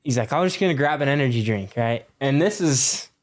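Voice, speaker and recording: A man's voice: medium pitch, fairly quick. Young man telling a wild story casually. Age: 20s. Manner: animated, swearing, filler-heavy storytelling. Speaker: podcast guest.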